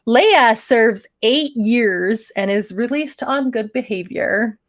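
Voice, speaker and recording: A woman's voice: fairly high pitch, animated, slow pace. A woman co-hosting a podcast, telling a true-crime story in a casual, joking way and laughing often. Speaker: podcast co-host.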